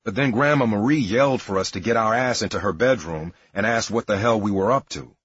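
A man's voice: fairly low pitch, a little fast, a bit bright, slightly rough, no room sound. A man narrating a memoir in a wry, matter-of-fact storytelling manner. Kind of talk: memoir audiobook reading. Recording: dry, dull lo-fi recording.

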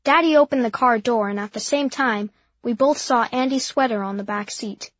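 Woman narrating a childlike story, high voice. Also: moderate pace, a bit bright, dry recording. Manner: simple, earnest, childlike telling. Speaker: audiobook narrator. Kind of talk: first-person storybook narration as a young boy. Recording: dull dry lo-fi.

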